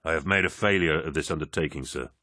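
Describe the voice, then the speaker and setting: An earnest soldier captain weighed down by shame, speaking in a subdued, heavy tone, as a male audiobook narrator puts him on. The voice is extremely deep and recorded dry and close. It stays low and sincere throughout. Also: quick pace, sharp tone, no echo. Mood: troubled. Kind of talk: audiobook character voice.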